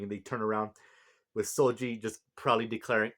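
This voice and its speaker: A man's voice: lowish voice, steady tone, moderate pace. Tired man recapping a manga. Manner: rambling, many fillers and restarts, enthusiastic. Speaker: manga reviewer. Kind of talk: casual chapter recap.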